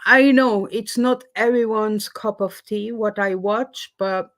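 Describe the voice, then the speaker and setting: A woman's voice: medium pitch, slow. A woman from Switzerland hosts a casual livestream chat from home on a webcam, greeting viewers by name between many fillers. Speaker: livestream host. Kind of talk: casual live-stream chat.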